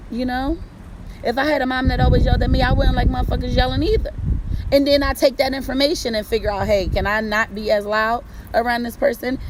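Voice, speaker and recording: A woman talks loud and blunt, swearing freely as she gives relationship advice in a streetwise, conversational way. Her voice sits a little high. Faint city traffic hums behind her outdoors. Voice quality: loud-talking. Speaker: host. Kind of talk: casual relationship advice talk.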